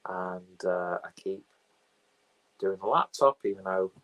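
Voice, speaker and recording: Rambling podcast host, low voice. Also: male voice, takes it slowly, a bit bright, poor audio. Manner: rambling and offhand, with crude jokes. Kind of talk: casual film podcast chat. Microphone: phone camera.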